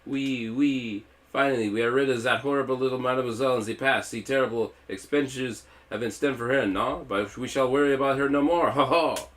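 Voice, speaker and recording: A man's voice: medium pitch, a little fast, few pauses, voice pushed up, natural voice. A man putting on a pompous French villain. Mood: gloating. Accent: put-on French. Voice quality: pompous, theatrical. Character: pompous French-accented male villain commander. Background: faint game music.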